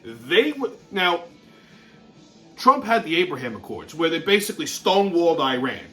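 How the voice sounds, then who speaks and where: A man's voice: fairly high pitch, sing-song, normal speed, fairly bright tone, faint music behind. A man hosting his show, ranting bluntly in a heavily profane monologue and laughing through his own stories. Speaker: show host.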